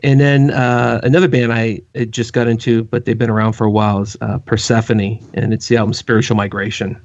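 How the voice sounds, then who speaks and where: A man's voice: medium pitch, little pitch movement, fairly quick, muffled recording. A man co-hosting a casual podcast chat, hesitant, leaning on "uh" and unsure how to say names. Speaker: podcast co-host.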